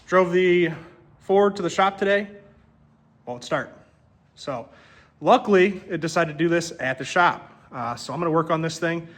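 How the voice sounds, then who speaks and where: A man's voice: fairly high pitch, moderate pace, pauses often, a bit bright. A man chatting casually and upbeat as he explains car repairs in his workshop. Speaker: shop vlogger. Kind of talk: casual how-to vlog. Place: workshop garage.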